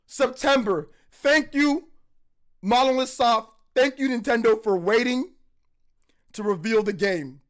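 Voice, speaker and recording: A man hosting a live reaction stream, talking in excited, emotional bursts and repeating himself, with a voice that is wearing out. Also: very high voice, a little slow. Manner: excited, emotional, repetitive exclamations. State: losing his voice. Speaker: host.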